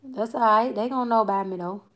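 A woman's voice: a little high, quick pace, a bit bright. A woman in her twenties with a Southern Alabama accent hosts a casual livestream. She talks loosely and playfully, sprinkling in Southern slang as she answers comments from her viewers. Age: 20s. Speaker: comedian and livestream host.

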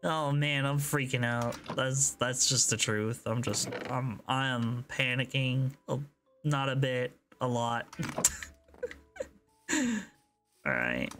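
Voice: medium pitch, big pitch swings, slow, a bit bright, soft background music. A gaming video creator giving casual gameplay commentary, jittery and repeating phrases over and over when flustered, with nervous laughs.

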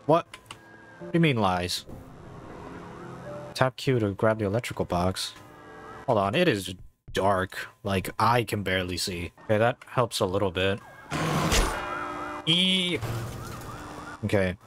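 A man's voice: fairly low pitch, big pitch swings, measured pace, pauses often. A man casually commentating while playing a video game, laid-back and joking, reading tips aloud. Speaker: gaming video host. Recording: voice over loud game music.

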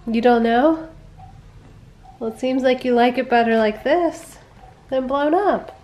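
A young woman, a mother, narrating a casual family vlog at home and talking gently to her toddlers. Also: high voice, measured pace.

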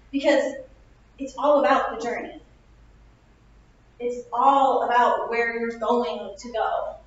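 Woman in her twenties, motivational speech, chatty, upbeat, very echoey classroom, faint hiss. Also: high voice. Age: 20s. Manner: upbeat, chatty, self-mocking. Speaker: opening speaker. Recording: echoey lo-fi room recording from far off.

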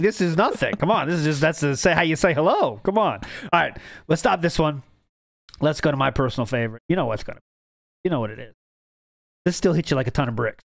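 A man's voice: a little high, dry recording. Joking podcast host man, dry sound. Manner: joking, loose, laughs along. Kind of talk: casual reaction chat.

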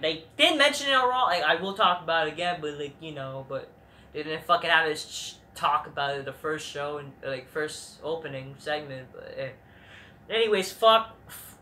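A woman's voice: mid-range voice, pushed and bright. A woman reviewing wrestling shows in an angry, profane, rambling rant full of restarts. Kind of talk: ranting commentary.

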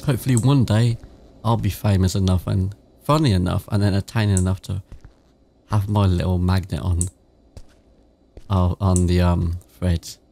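A man's voice: low voice, steady tone, normal speed, vocal fry, warm tone. A man with a British accent giving casual, chatty let's-play commentary, swearing freely and reading game text aloud. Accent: British English. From England. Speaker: gaming YouTuber.

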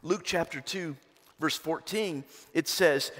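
A man preaching a sermon as pastor, rising to loud emphatic peaks and dropping to hushed lows. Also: lively intonation, measured pace. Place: church sanctuary. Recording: long hall reverb.

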